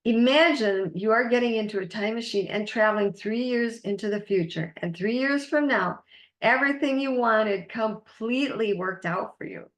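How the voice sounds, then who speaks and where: A woman's voice: a little high, normal speed. Woman life coach, earnest, encouraging, teaching a masterclass, roomy echo. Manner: earnest, encouraging, guiding the listener through exercises.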